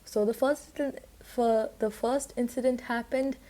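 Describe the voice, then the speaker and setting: A woman reading a children's story aloud and patiently explaining it, pausing to clarify words, with a few fillers. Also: on the high side, fairly even intonation, dark tone. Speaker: storyteller and teacher.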